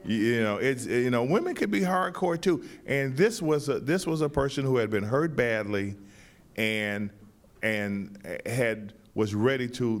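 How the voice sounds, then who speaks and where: Halting, low-voiced male playwright. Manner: halting, many repeated starts, thoughtful. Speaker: playwright and director. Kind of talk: interview answers.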